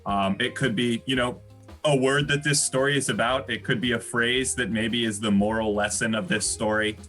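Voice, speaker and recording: A man improvising a rambling comedy story on a live stream, animated and laughing at his own jokes. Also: mid-range voice, moderate pace, faint music behind.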